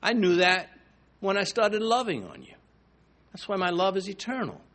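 A man preaching a sermon, emphatic and swinging between loud declarations and hushed asides. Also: high-pitched, huge pitch swings, moderate pace. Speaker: pastor.

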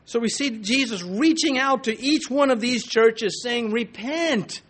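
A man with a high-pitched voice preaches a sermon from a church sanctuary. He quotes scripture with forceful, building intensity, pressing his points hard before easing back into plain talk. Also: unhurried. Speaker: pastor.

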